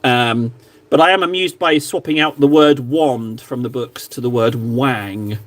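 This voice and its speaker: A man casually chatting to his stream viewers while painting models, joking around and sometimes mock-shouting at them. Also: mid-range voice, unhurried. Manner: playful, jokey, mock-shouts insults at viewers. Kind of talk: casual live-stream chat.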